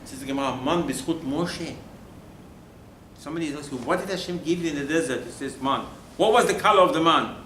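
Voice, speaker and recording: Fairly quick and slightly high, with a fairly bright tone, the rabbi's voice drives an emphatic Torah sermon. Rhetorical questions come rapidly before abrupt drops to a near-whisper, and the roomy recording holds faint ambient noise.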